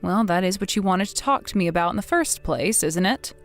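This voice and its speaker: A woman playing a blunt, widowed older mother who scolds her grown son in a measured, firm way, in a scripted text-message drama. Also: medium pitch, animated, soft background music, lightly acted. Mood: calm.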